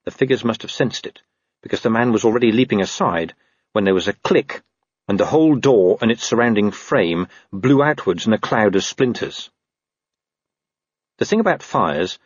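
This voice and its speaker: Lively, husky male audiobook narrator. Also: on the low side, no room sound, lo-fi sound. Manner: lively, wry storytelling. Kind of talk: scripted narration of a comic fantasy novel.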